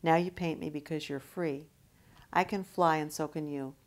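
A woman voicing a wise bird messenger in a gentle, guiding, unhurried manner. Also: low-pitched, steady tone, natural voice.

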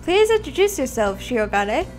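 Woman voicing a dozy male quail teacher, slow and vague, lively high voice, visual novel game. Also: faint music behind. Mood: drowsy. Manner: slow, drowsy. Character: sleepy, absent-minded male quail teacher.

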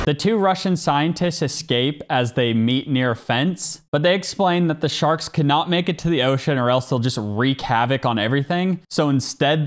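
A young man narrating a comedic review of a bad movie, full of sarcastic, joking asides. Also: fairly high pitch.

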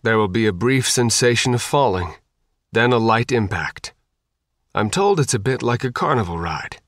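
A man's voice: medium pitch, a little slow, a bit bright, dry recording, studio quality. A man voicing a large man who pleads with his wife, then speaks tonelessly. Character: big desperate man, loving, then numb.

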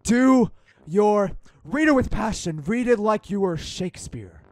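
A man's voice: high voice, expressive, a little slow, darkish tone, no room sound. A man reading fan fiction aloud as a casual YouTuber, cracking crude jokes, teasing and giggling between lines. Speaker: YouTuber playing Shadow the Hedgehog.

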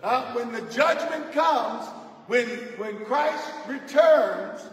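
A male pastor preaching a sermon in call-and-response, asking the church to finish his lines and rising to shouts on key points. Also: very high-pitched, expressive, slow pace. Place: church sanctuary. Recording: echoey church hall, mic far off.

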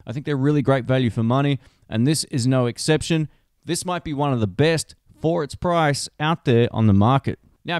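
A man's voice: mid-range voice, darkish tone, clean tone, no room sound, studio quality. Chatty man reviewing gear. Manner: chatty, explanatory, conversational asides. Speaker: tech reviewer. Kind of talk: casual review talk. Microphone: handheld dynamic microphone, close.

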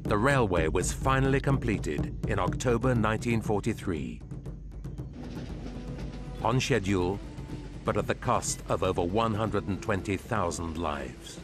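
A man narrating a documentary script in a grave, measured way. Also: fairly low pitch, lively intonation, over music.

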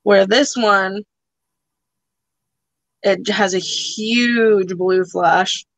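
A woman runs a live online sale, talking in a loose, chatty way with many "like"s and "um"s. Her voice sits at an ordinary pitch and sounds close and dry. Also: fairly even intonation, extremely slow, fairly bright tone, no room sound, low-quality recording. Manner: chatty, full of "like" and "um" fillers. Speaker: live auction seller. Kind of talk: casual live-stream sales chat.

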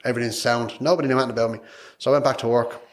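A man's voice: medium pitch, fairly even intonation, very fast, darkish tone. An Irish man, a podcast guest, telling a personal story in a frank, emotional, rambling way, repeating his words. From Ireland.

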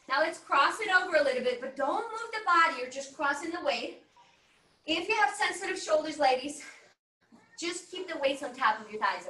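A woman's voice: sits high, pushed and bright. Woman, fitness instructor, upbeat coaching, whooping cheers, slightly out of breath, distant video-call mic, echoey room. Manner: exercising while she cues. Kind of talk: live online workout class. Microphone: laptop mic on a video call, at a distance.

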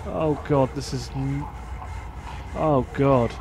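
A man talks through a horror game at a middling pitch. He is casual and a bit jumpy, muttering asides to himself as he plays. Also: steady tone, takes it slowly, background noise. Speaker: let's play host. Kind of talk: casual gameplay commentary.

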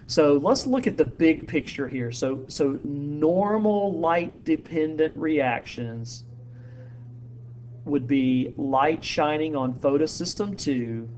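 A man teaching biology, explaining slowly and asking students questions, with some ums and uhs. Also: mid-range voice, darkish tone, a little hiss or hum. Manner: uses fillers like um and uh. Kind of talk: recorded classroom lecture.

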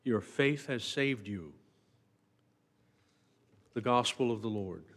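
A man, a priest, reciting the Mass readings and psalm in a measured, formal way in a church. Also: medium pitch, animated, a bit bright. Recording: long church reverb.

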